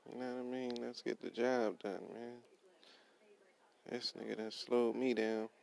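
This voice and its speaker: A man's voice: medium pitch, little pitch movement, unhurried, creaky, darkish tone, poor audio. A young man in a blunt, profane, casual rant about work, repeating himself and quoting what he told people. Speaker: worker ranting about his job.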